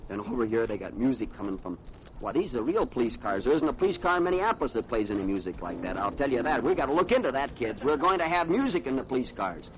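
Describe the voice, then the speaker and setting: A man's voice: medium pitch, expressive, quick pace, poor audio. A middle-aged man, a mayor, reading comic strips aloud to children over the radio in a chatty, chuckling way with rambling asides. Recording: hissy 1930s radio archive recording.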